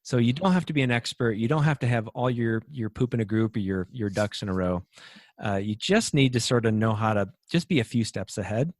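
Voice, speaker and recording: A man hosting a podcast who talks about faith in a relaxed, folksy way and uses homely idioms. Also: medium pitch, a little fast, no room sound, clean studio sound. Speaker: podcast host. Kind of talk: casual faith discussion.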